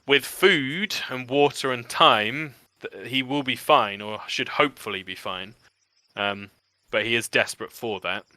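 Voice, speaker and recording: A man's voice: on the low side, bright, forceful tone, dry recording. A man narrating a tabletop game as game master, describing scenes with frequent ums.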